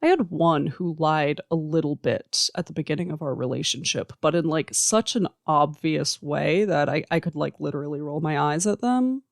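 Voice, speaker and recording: An adult podcast host who works with teenagers gives an earnest, emphatic solo monologue, laying out points in slow, measured lists. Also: mid-range voice, creaky, no room sound, clean studio sound.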